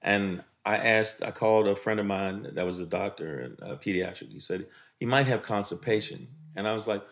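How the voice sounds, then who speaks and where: A man's voice: on the low side, fairly quick. Man telling funny parenting stories. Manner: animated, acts out voices in his stories. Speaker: guest comedian. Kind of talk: casual storytelling.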